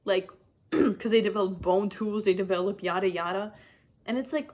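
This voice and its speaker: A young adult woman giving a casual chapter-by-chapter book review, talking in an animated, frustrated rant full of "like". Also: mid-range voice, normal speed. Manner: animated, frustrated ranting, heavy use of "like". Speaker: book vlogger.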